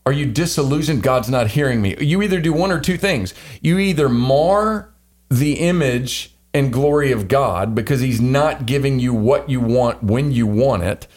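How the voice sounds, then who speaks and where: A man's voice: medium pitch, animated, moderate pace, a little mellow. A man co-hosting a podcast, speaking emphatically with rhetorical questions and jokes. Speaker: podcast co-host. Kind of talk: casual podcast discussion.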